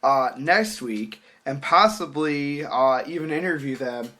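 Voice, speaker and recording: A man's voice: a little high, lively intonation, unhurried, sharp tone. A young man co-hosting a casual podcast, agreeable and easygoing, laughing along. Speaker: podcast co-host.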